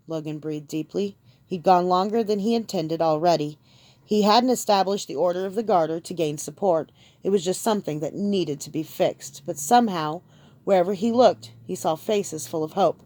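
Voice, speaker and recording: A woman reading an audiobook in measured, scripted narration. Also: lowish voice, a little mellow. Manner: measured storytelling.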